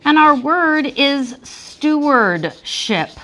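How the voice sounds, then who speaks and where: A woman teaching a classroom lesson, talking slowly and patiently with encouraging praise. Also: high voice, lively intonation, pushed and bright. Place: school classroom.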